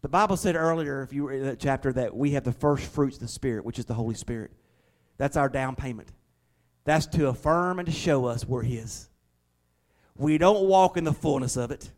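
A male pastor, preaching a sermon in a folksy, conversational way and leaning on slowed, emphatic stresses. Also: medium pitch. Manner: emphatic, with slowed dramatic stresses and acted-out prayers.

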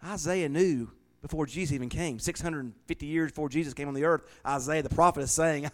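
A man's voice: on the high side, normal speed. A man preaching a folksy, joking sermon in a small church, laughing often. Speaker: pastor.

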